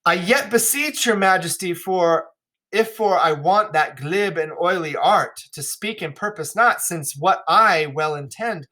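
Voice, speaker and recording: A man's voice: sits high, expressive, a little slow, pushed and bright, pitched above the performer's own voice, heavily acted. A male teacher reading a wronged young princess. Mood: pleading. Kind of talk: classroom read-aloud.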